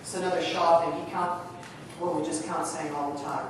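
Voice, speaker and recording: A woman teaches choir technique from a stage in a big, echoing hall, her voice landing from a distance with a long reverb tail. She talks in a lively, chatty way, with the murmur of an audience in the background. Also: low-pitched, a little fast, background noise. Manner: lively, chatty, acts out whispered demonstrations. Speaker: choral conductor giving a workshop. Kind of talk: conference lecture with demonstrations. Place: large conference hall.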